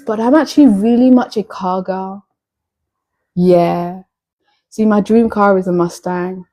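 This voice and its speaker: A woman from Nigeria chats with her live-stream viewers, playful and a little flirtatious. Her voice is warm and mellow at a middle pitch, easygoing and teasing as she answers comments. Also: poor audio. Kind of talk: casual live-stream chat.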